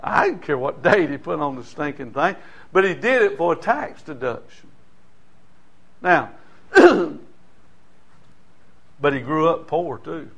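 High-voiced preacher. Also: male voice, very animated, unhurried, pauses often. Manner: folksy storytelling, swells into shouting. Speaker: pastor. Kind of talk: sermon.

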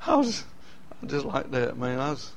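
A man's voice: medium pitch, big pitch swings, normal speed, gravelly. A man preaching a sermon, telling personal stories in a folksy way and building to emotional peaks.

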